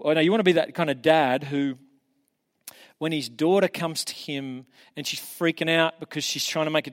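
A man giving a casual, earnest teaching talk, encouraging his listeners in a conversational way. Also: on the high side. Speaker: preacher.

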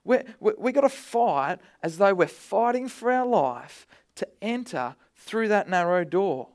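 A man's voice: high-pitched, lively intonation, a little slow, darkish tone. A man preaching a sermon, conversational with bursts of energy, often repeating words.

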